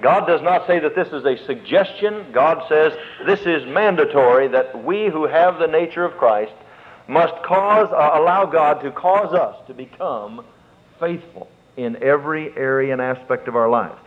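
A man preaches a sermon in a somewhat high voice, leaning hard on drawn-out words as his fervor builds. The sound is thin and boxy, as if heard over a phone line. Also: lively intonation. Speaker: pastor.

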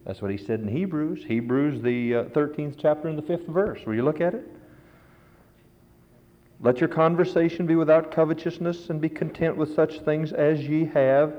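A man's voice: on the high side, normal speed. A middle-aged man preaching a sermon, telling stories with earnest, rising emphasis. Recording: dull lo-fi recording.

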